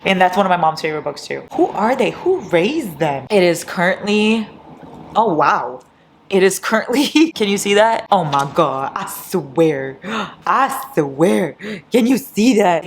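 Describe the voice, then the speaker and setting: A woman vlogging casually through an all-night reading session, giddy and excitable, laughing often and swearing, tired from no sleep. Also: lowish voice. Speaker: book vlogger.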